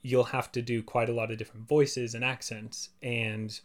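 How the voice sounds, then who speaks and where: A man who works as a voice actor, talking at length in a relaxed podcast chat, full of fillers like "like" and "you know". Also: mid-range voice, moderate pace. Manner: chatty, explains at length with many fillers.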